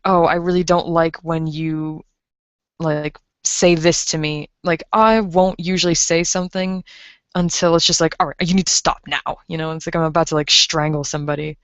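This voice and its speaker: A woman in her twenties with a fairly low voice rambles through a casual livestream, packing her talk with fillers as she reads chat messages aloud. Her voice comes through a dull, lo-fi microphone in a dry, close-miked room. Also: no echo. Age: 20s. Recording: dull lo-fi stream mic.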